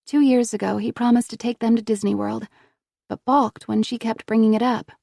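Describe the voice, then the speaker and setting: A woman reading a thriller audiobook in a steady, measured voice on a close studio mic. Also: a little high, vocal fry, dry recording. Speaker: audiobook narrator. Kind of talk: scripted narration.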